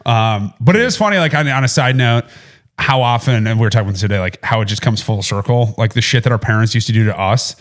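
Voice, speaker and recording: A man in his thirties co-hosting a casual business podcast, loud and rambling, full of fillers and restarts. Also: fairly low pitch. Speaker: podcast co-host.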